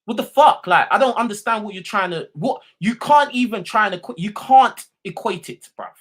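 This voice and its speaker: A man's voice: sits high, lively intonation, normal speed, a bit bright. A man with a London accent hosting a live call-in show, arguing hard with a caller, swearing and repeating slang tags while talking over him. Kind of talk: heated live call-in argument.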